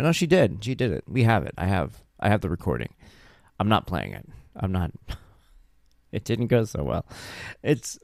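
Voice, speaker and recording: Low-pitched and edged with vocal fry, this man talks at a moderate pace with long pauses, recorded dry with clean studio sound. Tired but animated, he hosts his own podcast solo, chatting casually and performing family conversations as he describes them.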